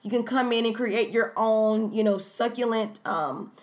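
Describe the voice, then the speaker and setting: A woman's voice: fairly high pitch, measured pace. Playful woman co-host on tangents. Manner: animated, playful, goes off on tangents. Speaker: podcast co-host. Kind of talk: casual chat.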